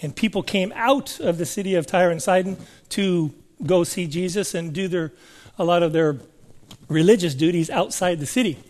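Preacher, male, high voice, chatty sermon delivery with questions put to the congregation. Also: normal speed, darkish tone. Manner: conversational, asks the congregation questions. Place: church service before a congregation.

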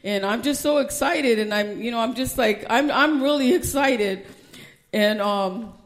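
A woman pastor preaching a sermon, passionate and climbing to loud, fervent peaks. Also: on the high side, a little slow. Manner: impassioned, rising to near-shouting.

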